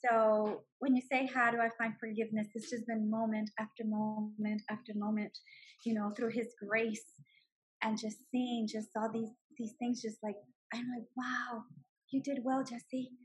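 Animated high-voiced woman sharing her testimony. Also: normal speed, breathy edge. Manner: emotional, animated, laughs often. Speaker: guest sharing her story. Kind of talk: personal testimony.

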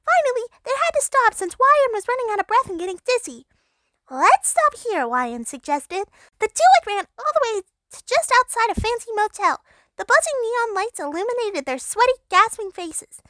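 Very high-voiced woman reading comic fanfiction. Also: very animated, brisk, bright, forceful tone, no echo. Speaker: narrator.

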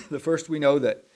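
A lay preacher delivers an unscripted sermon, speaking haltingly and conversationally and frequently clearing his throat. His voice is fairly high in pitch with a darkish tone.

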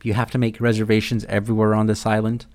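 A man's voice: lowish voice, monotone, fast, a little mellow. Swearing, rambling man host. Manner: irreverent, swearing, rambling storyteller. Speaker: podcast host. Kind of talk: casual comedic monologue.

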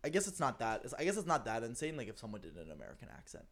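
A man's voice: mid-range voice, huge pitch swings, racing, a crowd in the background. Laid back young guy cohosting a podcast, giggly and sweary, voice all over the place. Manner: loose and giggly, swears a lot. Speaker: podcast co-host. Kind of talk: casual chat.

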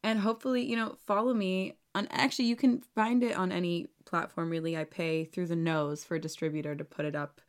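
A woman's voice: fairly low pitch, steady tone, a little fast, hardly any pauses. A woman co-hosting a podcast in casual chat, bubbly and teasing, laughing often. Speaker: podcast co-host. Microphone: call recording.

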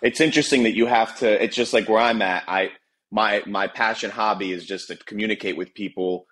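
A man's voice: lowish voice, fairly even intonation, fairly quick, fairly bright tone. A man hosting a casual podcast, asking long rambling questions and encouraging his guest. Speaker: podcast host.

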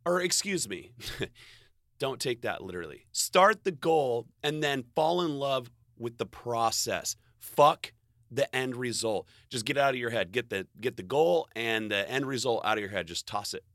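A man's voice: medium pitch, lively intonation, normal speed, a bit bright, dry recording, clean studio sound. A man giving a casual, rambling motivational monologue, swearing freely, laughing often and cutting himself off mid-thought. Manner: profane, rambling, self-interrupting, laughs often. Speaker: vlogger.

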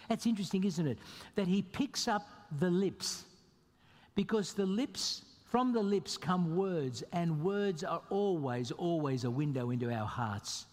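A man preaching a sermon as pastor, emphatic and animated, with sudden jumps in pitch. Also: a little slow. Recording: long reverb of a hall.

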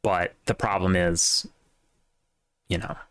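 A man's voice: deep voice, fairly even intonation, takes it slowly, fairly bright tone, clean tone, dry recording. A man co-hosting a casual stream, talking bluntly and profanely, often restarting his sentences. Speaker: podcast co-host.

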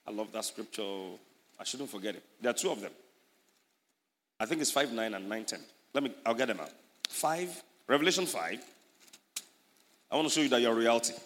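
A Nigerian-accented man preaching with emphatic, teacherly delivery, his voice sitting a touch high for a man. The sound rolls with a long hall reverb, as in a church. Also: a bit bright. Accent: Nigerian English. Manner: emphatic, teaching, acts out scenes. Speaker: pastor. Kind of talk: sermon. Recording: echoey hall.

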